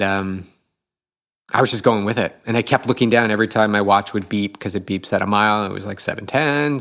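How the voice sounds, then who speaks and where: A man's voice: on the low side, a bit bright. A middle-aged man, a podcast host, telling a race story in casual chat, eager and reflective, with many fillers.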